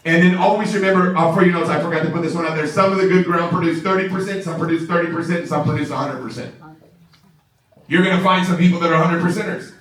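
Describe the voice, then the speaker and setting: A sales trainer gives an energetic, excitable motivational talk to a live audience in a large room, his voice a little high. He laughs often and keeps asking "right?", recorded from afar in an echoey space.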